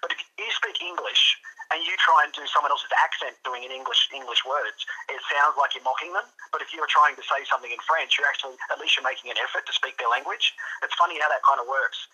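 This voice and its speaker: Australian man, very bright tone, husky, laid-back, stumbles and repeats words. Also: mid-range voice, lively intonation, quick pace, rough recording. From New South Wales, Australia. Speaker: podcast co-host. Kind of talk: casual chat.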